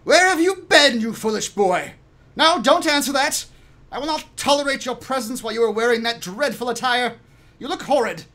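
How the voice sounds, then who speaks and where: A man's voice: very high-pitched, expressive, moderate pace, bright, forceful tone, voice pushed up, full character voice. Man putting on a scolding grand dame. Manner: scornful, commanding. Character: imperious older woman, sharp and scolding.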